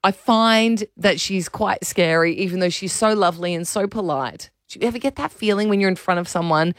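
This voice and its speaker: A woman's voice: mid-range voice, fairly quick, dry recording, clean studio sound. A woman radio host chatting casually and animatedly, poking fun at herself. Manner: chatty, self-mocking, animated storytelling. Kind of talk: casual chat.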